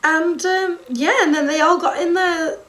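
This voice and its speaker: Young woman, high voice, excitable, gushing, casual vlog storytelling. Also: unhurried, distant mic. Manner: gushing and excitable, full of likes and ums. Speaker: music fan vlogger.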